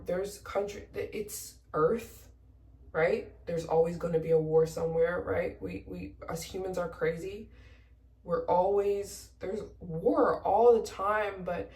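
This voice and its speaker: A woman's voice: lowish voice, echoey room, recorded from a distance. Teary, emotional young American woman. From United States. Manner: emotional, close to tears, retelling conversations in animated voices. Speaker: travel vlogger. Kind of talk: casual storytelling to camera.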